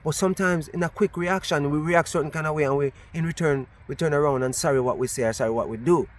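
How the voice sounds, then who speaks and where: Jamaican guy vlogging outside, fairly high voice, tells his story all animated with lots of restarts. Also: fast. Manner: animated retelling with repeated restarts. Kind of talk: casual storytelling monologue. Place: outdoors. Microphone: camera on a tripod.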